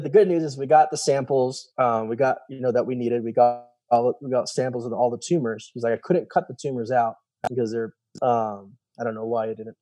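Young guy rambling through his story, keeps going "he's like", soft dark voice. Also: medium pitch, fairly even intonation, fairly quick, no room sound. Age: young adult. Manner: loose, rambling, retells dialogue with "he's like". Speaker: guest telling his story. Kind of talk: casual storytelling.

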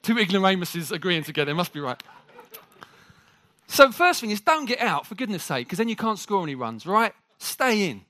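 A man preaching a sermon to a congregation. He jokes with the room and talks in an animated way. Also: sits high, brisk.

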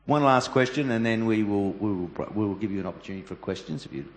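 A man interviewing a guest at a church gathering, asking gentle, halting questions. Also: lowish voice. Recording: echoey room with long reverb.

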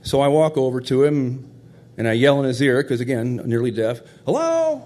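A man's voice: mid-range voice, steady tone, fairly quick, a little mellow. A middle-aged man telling a heartfelt personal story in a conversational, tender way.

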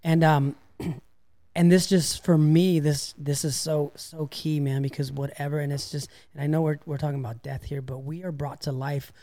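A man's voice: a little high, fairly even intonation, normal speed, warm tone. A man co-hosting a casual faith discussion podcast, speaking reflectively and casually, with fillers like "man" and "you know.". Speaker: podcast co-host.

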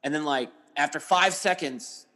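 A middle-aged man with a somewhat high voice tells stories in a loose, conversational way. He swears freely and acts out his own outbursts. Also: normal speed, pushed and bright. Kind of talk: casual chat.

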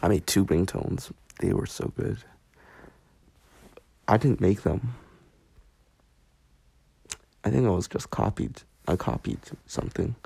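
A man's voice: fairly low pitch, creaky, mellow, husky, no echo. A young man hosting a podcast from his bedroom, rambling in a goofy, self-mocking way. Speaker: podcast host. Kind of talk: rambling solo podcast chat. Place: bedroom, on a squeaky bed.

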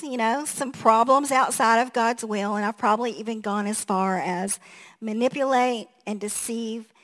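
A middle-aged woman pastor giving a sermon, telling funny family stories in an animated way and laughing at herself. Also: fairly high pitch.

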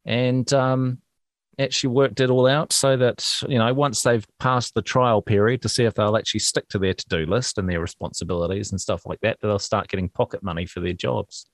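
A man's voice: fairly low pitch, fairly even intonation, brisk, dry recording, studio quality. A middle-aged man with a New Zealand accent, co-hosting a podcast and trading jokes in casual chat. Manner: jokey, laughs often. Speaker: podcast co-host.

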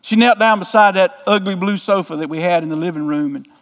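A man's voice: sits high, fast talker, long reverb tail. A man, a pastor telling a story in a folksy, joking sermon.

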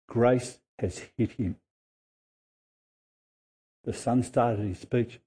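A man, a pastor, preaching a sermon and retelling a parable with animated storytelling. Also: medium pitch, takes it slowly, pauses often, slightly rough. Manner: animated storytelling, acting out characters' lines.

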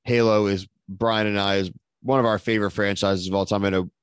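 A man hosting a casual pop-culture podcast, excitable and rambling, with lots of filler words. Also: on the low side, fairly quick, clear, resonant tone, dry recording. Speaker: podcast host.

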